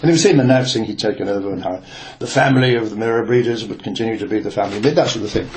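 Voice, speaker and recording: A man's voice: on the low side, rapid-fire. Older guy, ex reporter, rambling story full of ums and restarts, bit of hiss behind. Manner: rambling, hesitant, with many fillers and restarts. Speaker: interviewee, former newspaper reporter. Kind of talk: reflective oral history storytelling.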